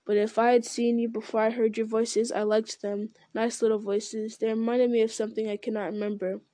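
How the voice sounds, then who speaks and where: A woman voicing an ancient, giant male tree creature who speaks slowly and solemnly, murmuring and humming as he thinks. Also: a little high, flat delivery, warm tone, no room sound, natural voice. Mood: ponderous. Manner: slow, deliberate, murmuring with hums.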